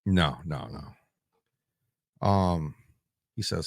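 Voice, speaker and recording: Blunt, profane low-voiced man. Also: normal speed, no room sound, clean studio sound. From Michigan, USA. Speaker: guest, Marine veteran. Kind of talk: casual interview storytelling.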